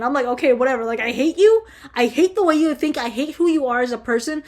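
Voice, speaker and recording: A young woman vlogger answering viewer questions in a casual, heated rant, swearing constantly and filling every pause with fillers. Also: sits high, animated, darkish tone. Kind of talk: casual ranting chat.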